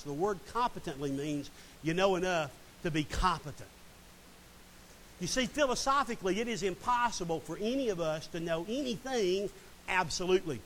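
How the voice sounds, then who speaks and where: A man's voice: sits high, a bit bright, poor audio. A middle-aged man preaching a sermon and reading scripture dramatically. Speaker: pastor. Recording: faint hiss.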